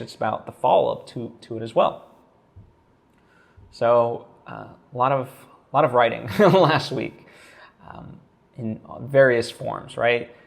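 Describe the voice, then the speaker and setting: A man's voice: medium pitch, gravelly. A man talking straight to camera in a casual vlog, thinking aloud with lots of fillers and restarts. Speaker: vlogger.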